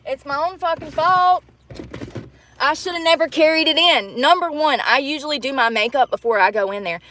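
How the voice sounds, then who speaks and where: A woman's voice: sits high, normal speed, pushed and bright, slight background noise. A young woman ranting in a casual livestream, frustrated and swearing as she rambles.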